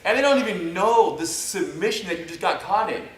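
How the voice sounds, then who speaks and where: A man's voice: sits high, lively intonation, fairly quick. A man who is a jiu-jitsu instructor, explaining step by step in a casual chat. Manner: explanatory, builds points step by step. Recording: echoey room, mic at a distance.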